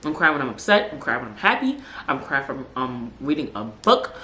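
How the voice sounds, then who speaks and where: Emphatic low-voiced woman podcast host. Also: big pitch swings, brisk, sharp tone. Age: young adult. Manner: emphatic, repeats herself for stress, street slang. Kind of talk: casual motivational monologue. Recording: echoey room with faint background hum.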